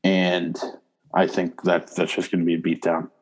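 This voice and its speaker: A young man chats about sports in a relaxed podcast. His voice sits on the low side. He is jokey and slangy and laughs often. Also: moderate pace. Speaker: podcast co-host. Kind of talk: casual sports chat.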